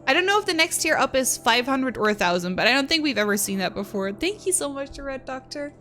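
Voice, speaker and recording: High-pitched woman streamer, giggles a lot, thanks chat nonstop, music going behind her. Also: very animated, quick pace, bright, forceful tone. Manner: giggly, laughs often between lines; gushing thanks to viewers. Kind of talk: casual live-stream chat. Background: music playing.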